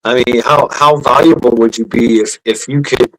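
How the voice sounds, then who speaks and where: A man in a casual panel chat, excitable and quick to laugh and heckle. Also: mid-range voice, no room sound, low-quality recording. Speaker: podcast panelist.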